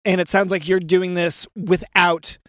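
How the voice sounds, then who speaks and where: A man's voice: high voice, flat delivery, measured pace, fairly bright tone, dry recording, clean studio sound. A man on a comedy podcast playing a mock-earnest, hesitant interviewer. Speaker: podcast co-host asking questions. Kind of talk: improvised comedy chat.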